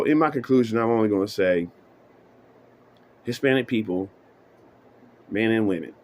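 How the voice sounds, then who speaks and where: A man's voice: on the low side, slight background noise. A man giving a casual, profane monologue as a vlogger, emphatic and full of "you know what I'm saying.".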